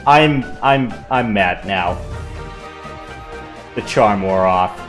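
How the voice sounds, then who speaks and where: A man's voice: on the low side, extremely slow, soft background music. Laid-back man chatting over gameplay. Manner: relaxed, rambling, chatting with friends while playing. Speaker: game player and host. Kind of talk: casual gameplay commentary.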